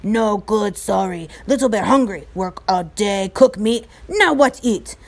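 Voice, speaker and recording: A woman reading aloud and voicing a tiny, fierce warrior man who speaks in clipped, broken phrases, loud and forceful. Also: medium pitch, animated, measured pace. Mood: angry.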